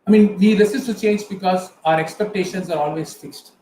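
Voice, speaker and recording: A man's voice: high voice, brisk, dark tone, a little hiss or hum. A middle-aged man with an Indian English accent, giving an earnest motivational talk and speaking directly to his audience. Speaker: guest speaker. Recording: echoey room with faint ambience.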